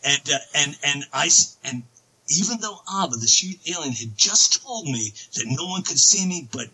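Excitable husky-voiced man telling a story. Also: a little high, normal speed, rough recording. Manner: excitable, rambling. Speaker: interview guest. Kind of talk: casual storytelling on a podcast.

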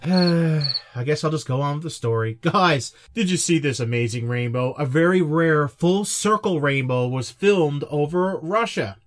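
A man's voice: fairly high pitch, a little slow, few pauses. A man hosting an online paranormal news roundup, joking and talking to his viewers. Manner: joking, playful asides to viewers. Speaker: host of a paranormal news show.

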